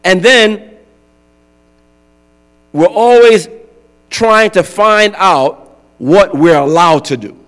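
A man's voice: sits high, extremely slow, long pauses, a bit bright. A male pastor preaching a sermon in a conversational way, often asking his congregation "right?". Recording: long hall reverb with mains hum.

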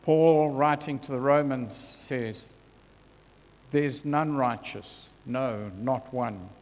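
A man preaching a sermon in a church, earnest and deliberate, his voice dropping soft when he quotes scripture. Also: mid-range voice. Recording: long hall reverb.

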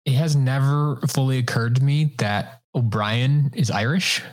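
A man's voice: medium pitch, steady tone, unhurried. A man co-hosting a casual podcast chat about a TV series, often hesitant and stammering through restarts. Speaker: podcast co-host.

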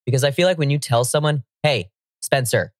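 A man's voice: fairly high pitch, rapid-fire, dry recording. A man co-hosting a casual podcast chat, joking with playful asides. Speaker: podcast co-host.

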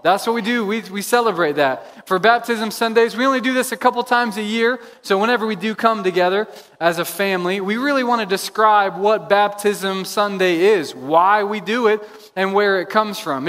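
Male pastor, sermon delivery, energetic and repetitive, high pitch, church hall echo. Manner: energetic, repeats phrases for emphasis. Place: church sanctuary. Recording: long reverb of a large hall.

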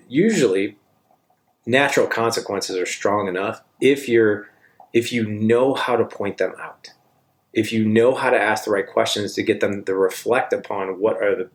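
Gravelly middle-aged man coaching parents. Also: fairly low pitch, normal speed. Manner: emphatic, frequent tag questions. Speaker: parenting speaker. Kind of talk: conversational coaching talk.

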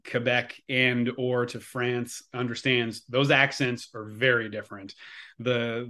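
A man's voice: medium pitch, a bit bright. A Canadian man in his thirties answers interview questions in a loose, rambling way. His voice sits in an ordinary middle register, and his speech is full of small restarts and fillers. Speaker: actor guest. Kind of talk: casual interview chat.

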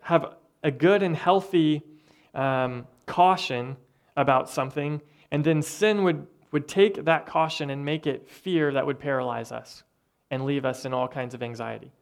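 A man preaching a sermon with earnest, conversational delivery and thoughtful pauses. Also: on the high side, vocal fry. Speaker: pastor.

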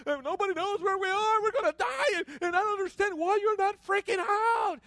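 A preacher voicing a panicking stranded man who shouts and stammers in a high, strained voice. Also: brisk, no echo. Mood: panicked.

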